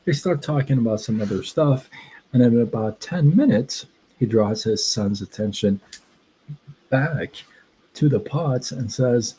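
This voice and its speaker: A man hosting a casual livestream, telling a story in a rambling, halting way and breaking off to greet his chat. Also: mid-range voice, warm tone, slight background noise, rough recording. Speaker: livestream host.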